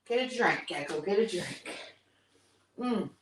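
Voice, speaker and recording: A woman's voice: medium pitch, lively intonation, a little slow. Breathless woman in her sixties. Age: 60s. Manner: breathless, upbeat counting with whoops. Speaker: fitness vlog host. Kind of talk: livestreamed workout with counting. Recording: echoey room, mic at a distance.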